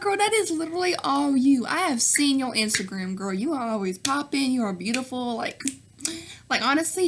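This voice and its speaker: A young Southern woman talks straight to her viewers in a loose, chatty way, her voice sitting a little high. She fills her sentences with "like" and calls her viewers "girl" and "sis", and she laughs often between answers. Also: lively intonation, a little fast, a bit bright. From Nashville, Tennessee. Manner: chatty, full of fillers and "girl", "sis", "y'all". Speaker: vlogger. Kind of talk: casual Q&A vlog.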